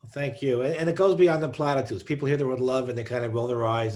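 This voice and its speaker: A man answering on a discussion panel about research, thoughtful and halting, with many restarts. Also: medium pitch, a little mellow. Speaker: psychedelic researcher.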